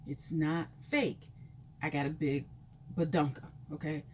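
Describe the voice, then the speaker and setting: A woman vlogger telling a personal story in a casual, rambling way, full of fillers, her pitch leaping when she acts out reactions. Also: a little slow, a little hiss or hum. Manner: chatty and rambling, full of "you know" fillers; animated, jumps high in pitch when acting out reactions.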